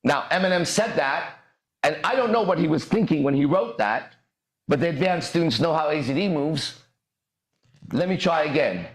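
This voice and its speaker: A man's voice: a little high, lively intonation, normal speed. A man hosting a podcast and giving a profane, swaggering motivational monologue. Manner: swaggering, profane, bursts into shouted lyrics. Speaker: podcast host and dating coach. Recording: echoey room.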